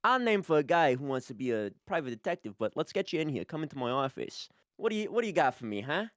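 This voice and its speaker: A man's voice: a little high, big pitch swings, fast, no echo, studio quality. A man improvising as a breezy, teasing job interviewer in a comedic party game. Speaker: game player acting as interviewer. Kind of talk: improvised comedic role-play.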